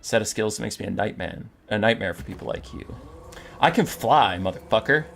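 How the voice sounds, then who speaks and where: A man's voice: on the low side, expressive, fairly quick, vocal fry, a bit bright, slight background noise, pitched below the performer's own voice. A man voicing a cocky, vengeful male winged beast creature who makes swaggering, mock-menacing threats.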